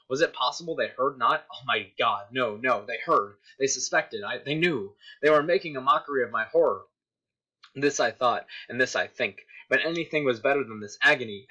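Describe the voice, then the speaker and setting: Frantic guilt-ridden murderer confessing, read dramatically by a man, sharp bright tone. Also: mid-range voice. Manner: dramatic reading, rising to shouts. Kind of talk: dramatic story reading. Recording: dull lo-fi recording.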